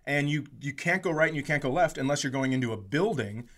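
A man's voice: fairly high pitch, expressive, fast talker, a bit bright. A middle-aged man from Minnesota co-hosting a casual comedy chat, telling a story with lots of swearing. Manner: storytelling, swearing, slips into mock accents. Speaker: podcast co-host.

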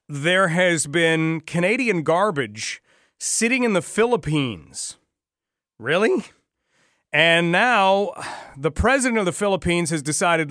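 A male radio talk host, slightly high-pitched, speaking wryly and with disbelief, firing off rhetorical questions. His voice comes through a close studio mic, dry and tight with no room around it. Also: a bit bright, no room sound. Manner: wry, incredulous, asks many rhetorical questions. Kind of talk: radio talk show commentary.

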